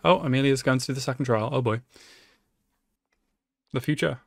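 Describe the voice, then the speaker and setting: A man's voice: medium pitch, moderate pace, creaky, no echo, clean studio sound. A man giving emotional live reaction commentary on an anime, swearing freely and talking back to the screen. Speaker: anime reaction channel host.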